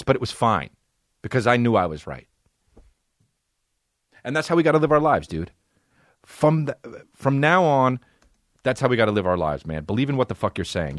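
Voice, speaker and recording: A man's voice: mid-range voice, a bit bright, no room sound, studio quality. A man in his forties hosting a podcast, telling profane comic stories and slipping into put-on voices. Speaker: podcast host. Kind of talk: comedic monologue.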